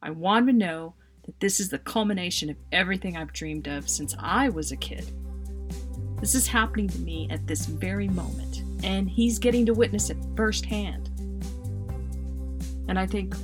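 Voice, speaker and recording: A woman, a writer, reading aloud her own funny personal story in an expressive, self-mocking way. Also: fairly low pitch, normal speed, over music.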